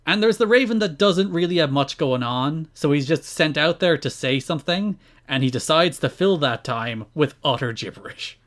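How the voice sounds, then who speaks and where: A man's voice: fairly high pitch, expressive, normal speed, few pauses, a bit bright. A man co-hosting a podcast, chatting casually with dry, mocking commentary and frequent laughs. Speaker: podcast co-host.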